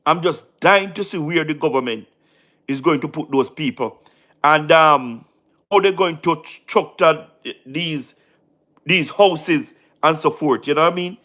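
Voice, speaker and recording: A fatigued live-streamer with a Jamaican accent talks casually in an unhurried, fairly bright voice on the high side. Repeating his points, he blends in patois and answers chatters by name.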